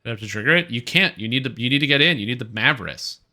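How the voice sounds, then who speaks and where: Animated, bright-voiced male game streamer. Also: mid-range voice, fast talker. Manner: rambling, offhand and opinionated, with frequent fillers. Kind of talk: casual live-stream commentary.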